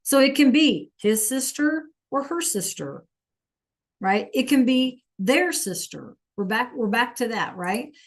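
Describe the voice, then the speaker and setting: A woman's voice: a little high, expressive, unhurried. A woman teaching an online Spanish class over a video call, encouraging students to answer in the chat.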